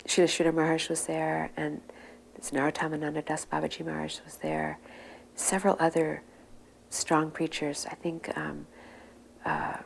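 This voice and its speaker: An older woman telling memories in a soft, unhurried way, often pausing to search for words. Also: low-pitched, animated, vocal fry, slight background noise, rough recording. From United States. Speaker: interviewee. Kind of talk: reminiscing storytelling.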